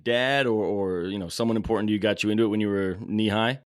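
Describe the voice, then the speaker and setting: A male podcast host with a lowish voice talks quickly and casually. He keeps things friendly and calls his guest man and brother. The sound is dry and close, with no room around it. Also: steady tone, clean tone, dry recording.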